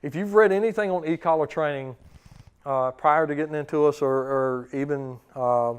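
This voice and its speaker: A man's voice: fairly high pitch, clear, resonant tone. Man giving a strict dog-training talk. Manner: forceful, acts out commands and dog thoughts in quick voices. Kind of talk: seminar talk.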